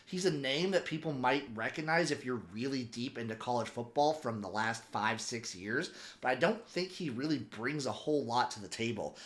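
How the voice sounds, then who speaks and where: A young man talks loosely through his opinions like a regular podcast host. His voice sits at a middling pitch, and he rambles, throwing in sudden animated asides. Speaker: football podcaster. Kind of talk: casual sports commentary.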